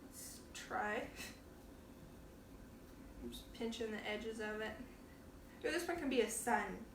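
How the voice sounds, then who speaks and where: A cooking show host talks slowly in a medium-pitched voice while giving a casual demo in her home kitchen, playful and laughing often as she works. She's far from the microphone, so the sound is roomy, with background noise.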